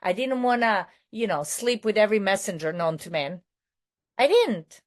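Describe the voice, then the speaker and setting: A woman's voice: mid-range voice, sing-song, moderate pace. A woman with a non-American accent, raised in New York City, giving a candid personal share at a recovery meeting, rambling and correcting herself with many fillers.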